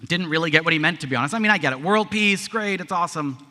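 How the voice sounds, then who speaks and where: Bright-voiced man in echoey hall. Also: a little high, animated, quick pace. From Canada. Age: 30s. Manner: conversational, often adds a tag question. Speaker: conference speaker. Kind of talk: speech to a live audience. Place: large conference hall.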